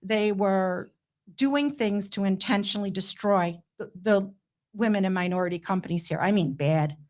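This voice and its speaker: A middle-aged woman, a guest, telling her story in an impassioned, blunt way with quick asides. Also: medium pitch, darkish tone. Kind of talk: emotional interview storytelling.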